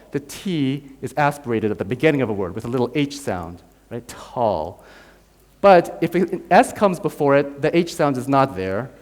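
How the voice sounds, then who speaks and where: A man's voice: medium pitch, darkish tone. American man lecturing in a reverberant hall. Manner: explanatory, demonstrates sounds aloud, often adds "right?". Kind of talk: university lecture.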